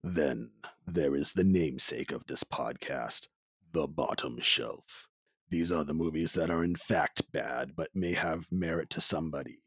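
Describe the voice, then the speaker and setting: A man putting on a dramatic male movie-trailer announcer voice, slow and grand. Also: a bass voice, slightly rough, dry recording, voice pushed down, heavily acted. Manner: slow, grand, drawn-out delivery.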